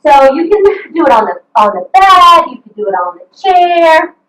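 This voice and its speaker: Over an echoey video call picked up by a distant mic, a woman fitness coach leads a live online workout in a very high, sing-song, fairly bright voice at a moderate pace. She's upbeat and encouraging, whooping to cheer her class on.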